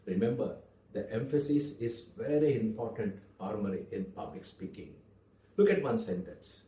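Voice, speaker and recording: A man teaching public speaking, talking in measured phrases with deliberate pauses and stressed words. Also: on the low side, dark tone. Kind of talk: spoken lesson to camera. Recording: echoey room, voice a little far from the mic.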